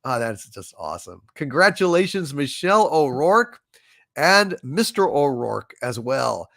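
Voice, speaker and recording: Effusive, halting male livestream host. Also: mid-range voice, sing-song, vocal fry, sharp tone. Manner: effusive, apologetic, halting with many fillers. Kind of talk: casual live chat, reading super chats.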